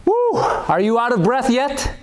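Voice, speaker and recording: A man's voice: sits high, expressive, normal speed. A man leading a taekwondo workout, encouraging and calling out commands, out of breath. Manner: encouraging, calls out commands and kiai shouts. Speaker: taekwondo instructor. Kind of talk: guided workout instruction.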